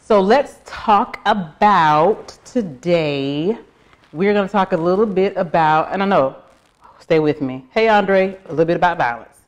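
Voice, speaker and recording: Southern woman host, low voice, loose live chat with viewers. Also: measured pace. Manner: chatty, greets viewers by name between points. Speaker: livestream host. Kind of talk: casual live-stream chat.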